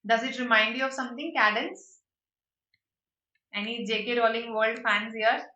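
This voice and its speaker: A woman teaches an online vocabulary class, explaining words in a lively way and checking in with her students as she goes. Her voice is bright and fairly high. The sound is roomy and dull, as if she is sitting a little back from the mic. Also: normal speed, far from the mic. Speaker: online exam-prep teacher. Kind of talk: live online vocabulary lesson.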